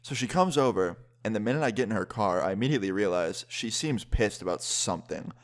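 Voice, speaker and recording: A young man casually telling a personal story as a vlogger, lively and quick, with some swearing. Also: on the low side. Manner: lively, fast-paced retelling with swearing.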